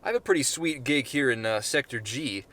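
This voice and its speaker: Man playing a gruff paranoid guy, low grumble, suspicious, reluctant. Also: animated, a little fast, fairly bright tone, lightly acted.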